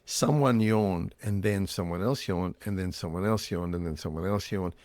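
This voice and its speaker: Low-voiced relaxed man co-host. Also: moderate pace, no echo. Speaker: podcast co-host. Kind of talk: casual chat.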